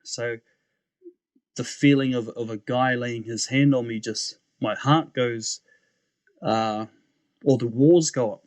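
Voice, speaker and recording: New man telling a lively story. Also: mid-range voice, takes it slowly, pauses often, dry recording. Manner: animated, acts out quoted voices, laughs often. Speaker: podcast guest. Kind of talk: casual testimony storytelling.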